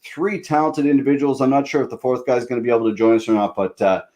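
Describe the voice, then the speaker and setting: A man's voice: medium pitch, fairly even intonation, quick pace, mellow. A man from Nova Scotia hosting a podcast, talking in a loose, joking, rambling way with plenty of fillers. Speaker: podcast host. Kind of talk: casual chat.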